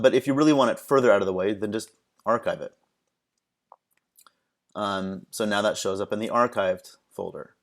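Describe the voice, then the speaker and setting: A man presenting a screen-recorded software tutorial, talking casually and haltingly with many ums and restarts. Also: on the low side.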